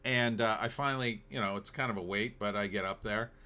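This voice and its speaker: Man, bright tense voice, sarcastic, exasperated, casual storytelling rant. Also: fairly low pitch, fairly quick. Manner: exasperated, sarcastic, acts out both sides of the dialogue. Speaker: vlogger telling a story.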